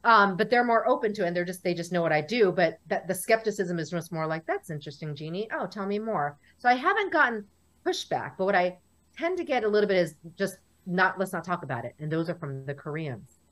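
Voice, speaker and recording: A woman's voice: fairly low pitch, fast talker. A woman, a guest in a casual interview, telling stories and acting out what people said to her. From United States. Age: 40s. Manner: animated storyteller, acts out dialogue.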